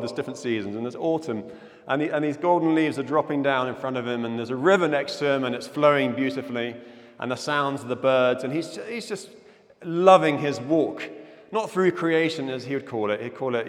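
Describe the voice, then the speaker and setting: A man's voice: medium pitch, long reverb tail. A man preaching a casual, chatty, self-deprecating sermon as a pastor. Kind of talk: sermon with prayer and a joke. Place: church hall.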